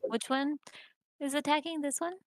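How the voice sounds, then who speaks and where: A woman's voice: sits high, fairly even intonation, moderate pace, no echo. A woman playing a tabletop game, chatting casually and teasing the game master with mock suspicion. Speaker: player.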